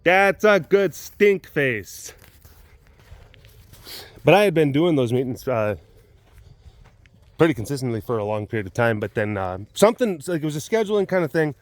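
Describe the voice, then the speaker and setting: A man's voice: medium pitch, sing-song, fast, darkish tone, no echo. A man, a big cat keeper telling stories in a casual vlog, rambling with many fillers and chuckles.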